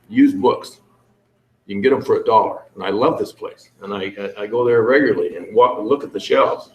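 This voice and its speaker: A man presenting at a conference, asking the audience questions and speaking haltingly with many fillers. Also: mid-range voice. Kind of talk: interactive conference talk. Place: conference room. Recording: echoey room.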